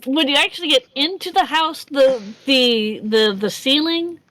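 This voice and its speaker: A woman narrates as game master, chatty and prone to giggles and restarts. Her voice sits a bit high, and the sound is close and dry. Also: a little slow, a bit bright, no room sound.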